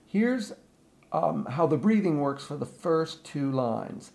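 Slow, gravelly male choir director. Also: on the high side, lively intonation, a little mellow. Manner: slow, deliberate, breaks off to sing the phrases. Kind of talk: spoken choir rehearsal instructions with sung demonstrations.

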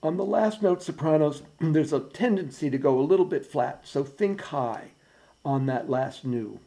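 A man directing a choir practice, explaining phrasing slowly and carefully and counting beats aloud. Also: a little high, lively intonation, vocal fry, warm tone, rough recording. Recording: piano heard behind the voice. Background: piano.

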